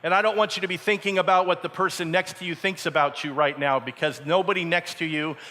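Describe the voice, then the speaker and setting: A man delivers a camp sermon, telling the story vividly and acting out each voice. His voice sits a little high and rings bright and forceful. A long echo from the big hall trails behind every line. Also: steady tone, fast. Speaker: camp speaker. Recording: echoey hall.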